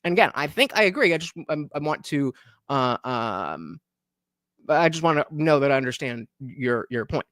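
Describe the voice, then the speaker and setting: A man reads chat messages aloud and jabs back at them with sarcasm, his pitch leaping around as he talks. His voice is forceful and bright. It sits close and dry, with no room around it. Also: big pitch swings, normal speed, dry recording. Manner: sarcastic, mocking; swings from loud outbursts to mumbling. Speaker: streamer. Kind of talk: live-stream chat reading and reaction.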